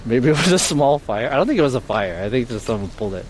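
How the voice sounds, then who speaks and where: A man's voice: mid-range voice, very animated, fast talker. A man live-streaming outdoors in light rain, telling a story in a rambling, cursing way full of "like". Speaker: IRL streamer. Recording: street noise behind.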